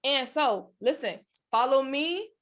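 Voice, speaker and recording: A woman's voice: sits high, lively intonation, slow pace, a bit bright. A woman co-hosting a faith podcast, talking casually with sassy, playful slang. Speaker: podcast co-host.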